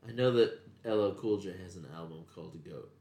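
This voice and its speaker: A man's voice: low voice, fast, mellow. Wry co-host man, echoey room. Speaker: podcast co-host. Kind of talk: casual chat.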